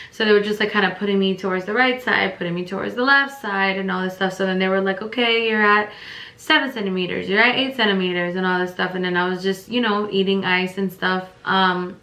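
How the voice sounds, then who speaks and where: A young woman vlogger casually telling a long personal story, rambling with lots of fillers and lively quoted voices. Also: mid-range voice, reverberant.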